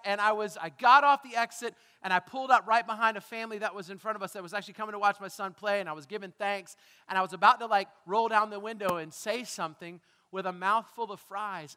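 A man's voice: sits high, fairly even intonation, quick pace, few pauses, bright, forceful tone, clean tone, big-room sound. A man preaching a sermon as pastor, talking conversationally, asking the congregation questions and making self-deprecating asides. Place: church sanctuary.

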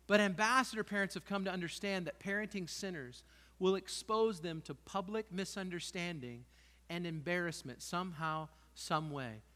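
A man's voice: high voice, fairly bright tone, big-room sound. A man, a pastor, preaching a sermon with passion and emphatic peaks, in a church sanctuary.

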